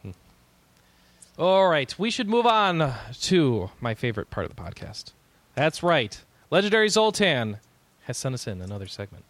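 A man hosting a casual podcast chat, easygoing and quick to laugh. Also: a little high, big pitch swings, a bit bright, no room sound. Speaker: podcast host.

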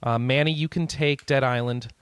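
A man leads a loose gaming podcast, cracking jokes and moving the group through its questions. His mid-pitched voice sits close and dry. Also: steady tone, normal speed, clear, resonant tone, no room sound. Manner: joking, runs the questions. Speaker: podcast host. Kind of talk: casual podcast chat.

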